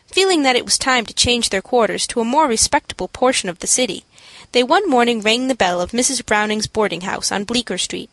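A woman narrating an audiobook in a steady, clear storytelling manner. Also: on the high side, dry recording, low-quality recording.

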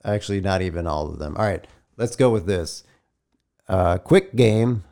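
A man's voice: low voice, lively intonation, dark tone. A man co-hosting a podcast in casual chat, dry in manner, running a quiz while sounding a little sick. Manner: dry, runs a quick quiz game. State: sick, slightly choked voice. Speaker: podcast co-host.

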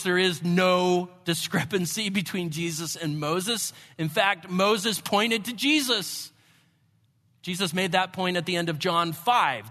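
A man preaching a sermon, expressive, moving between hushed and emphatic delivery. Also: a little high. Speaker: pastor. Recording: long hall reverb.

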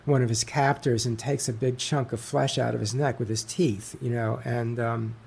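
Guy in an interview, gravelly voice, lots of ums and restarts. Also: medium pitch, fairly even intonation, darkish tone. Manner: halting, many fillers and restarts. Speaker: author guest. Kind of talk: interview conversation.

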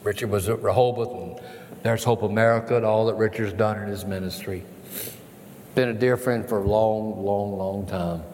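This guest preacher, a man with a fairly low, darkish voice, gives an emotional sermon in a church sanctuary at a moderate pace with fairly even intonation. He repeats words in a rising and falling, emphatic rhythm, while long reverb, faint ambience and slight background noise fill the recording.

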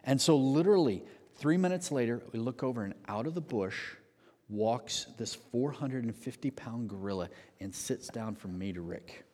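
Man, preacher, animated storytelling, sermon, long echo of a big hall. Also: mid-range voice, moderate pace. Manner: animated storyteller, acts out shouted quotes.

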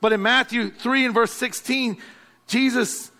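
A man's voice: very high-pitched, fairly even intonation, measured pace, sharp tone. A male pastor, preaching a sermon and calling out to the congregation. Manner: exhorting, calls out to the congregation.

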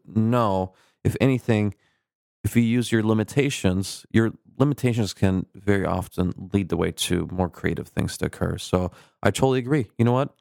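Rambling lower-voiced man telling stories. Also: normal speed, vocal fry, a little mellow, no echo, clean studio sound. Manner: rambling anecdotal storyteller, lots of fillers. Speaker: podcast guest. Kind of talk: casual podcast conversation.

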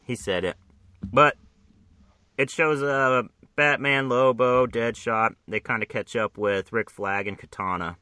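A man's voice: medium pitch, a little slow, sharp tone, clean tone, dry recording. A man reading a comic book aloud with a friend, in a profane, rambling, jokey casual chat.

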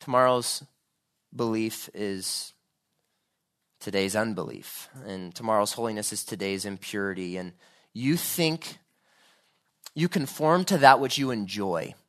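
A man's voice: on the low side, lively intonation, measured pace, long pauses, a bit bright. A man preaching a sermon, earnest and building to fervent pleading.

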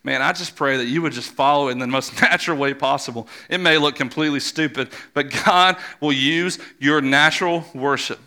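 A man preaching a sermon as pastor, fervent and building to loud exhortation, leading a congregation in a worship hall. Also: on the high side, a little fast, few pauses.

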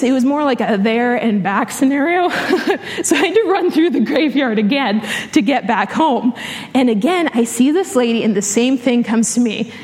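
Animated woman preaching in a reverberant hall. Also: sits high. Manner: animated storytelling with frequent laughs. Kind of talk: sermon. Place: church hall.

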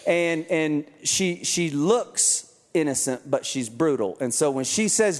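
A man speaking as a pastor, giving energetic, joking church announcements to a live congregation. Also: a little high, a little slow, few pauses. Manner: energetic, joking, urging the crowd. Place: large church venue with a live audience. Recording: long reverb of a large hall.

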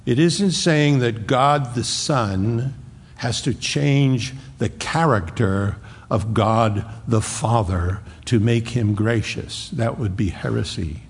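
Speaking as a pastor, a man preaches a sermon with earnest emphasis, stressing words slowly and repeating himself to drive his point home. His mid-range voice has a breathy edge, and a long reverb tail follows it.

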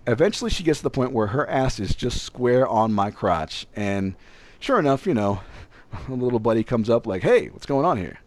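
A man's voice: medium pitch, normal speed, no echo. A young man telling a casual story, acting out other people's lines as he goes. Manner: animated, acts out other people's voices.

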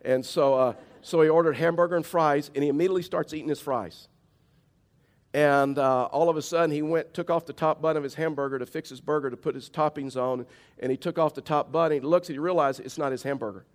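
A man's voice: fairly high pitch, steady tone, quick pace. A man preaching a sermon as a pastor, telling stories in a plain-spoken, conversational way.

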